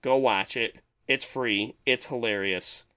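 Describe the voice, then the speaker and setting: A man co-hosting a podcast in casual chat, rambling and animated as he retells movie scenes. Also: mid-range voice, slow pace, slight background noise. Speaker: podcast co-host.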